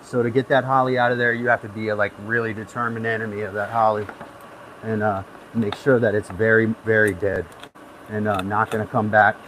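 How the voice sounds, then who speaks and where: A man's voice: fairly low pitch, little pitch movement, a little fast, a bit bright, a little hiss or hum, low-quality recording. Easygoing man hosting a live stream. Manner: rambling, easygoing, gives hands-on tips. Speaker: livestream host. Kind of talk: casual live-stream chat.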